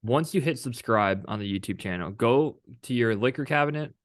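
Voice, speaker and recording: A man's voice: medium pitch, expressive, moderate pace. A young man co-hosting a football podcast, talking earnestly and addressing listeners directly. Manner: earnest, speeches to the audience. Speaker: podcast co-host. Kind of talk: sports talk podcast.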